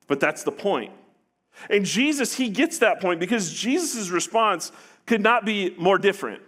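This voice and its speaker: A man preaching to his church with a voice sitting high for a man. He speaks earnestly, often stumbling and restarting phrases, and acts out what the people in the story would say. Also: lively intonation, normal speed, a bit bright. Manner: earnest, with repeated restarts and acted-out paraphrases. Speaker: pastor. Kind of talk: sermon.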